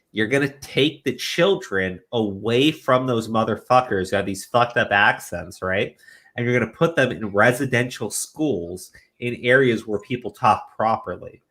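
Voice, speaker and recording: A man hosting a casual podcast, rambling and animated, swearing freely. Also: medium pitch. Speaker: podcast host.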